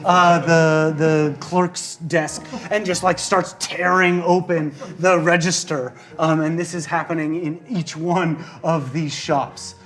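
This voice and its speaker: A man's voice: on the high side, flat delivery, takes it slowly, few pauses, fairly bright tone, faint music behind. A man narrating a tabletop game as game master, in a loose, rambling way full of fillers.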